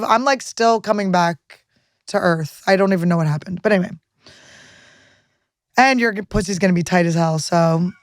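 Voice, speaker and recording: A woman hosting a podcast, telling stories in crude, excitable casual chat on a close studio mic. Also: medium pitch, dry recording. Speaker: podcast host.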